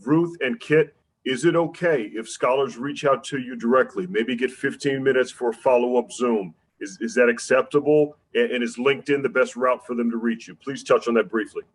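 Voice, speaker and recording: A man's voice: medium pitch, moderate pace. A man hosting a webinar who thanks the panel and jokes with the guests in an upbeat way. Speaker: webinar host.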